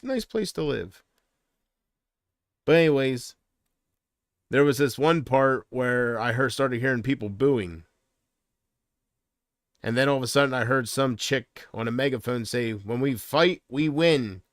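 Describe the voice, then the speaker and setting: A man's voice: medium pitch, moderate pace, pauses often, dry recording, studio quality. A man chatting casually on a livestream from home, rambling and hesitant, often trailing off.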